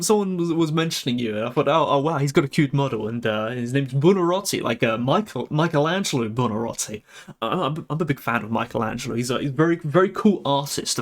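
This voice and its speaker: A young man chatting on a live stream, excitable, giggly and stammering as he talks. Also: medium pitch. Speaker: VTuber streamer. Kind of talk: casual live-stream chat.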